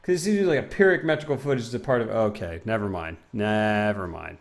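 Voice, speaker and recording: A man's voice: lowish voice, brisk, creaky. A man in his twenties chatting casually with his live-stream audience while gaming, rambling, reading chat aloud and breaking into silly sing-song bits. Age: 20s.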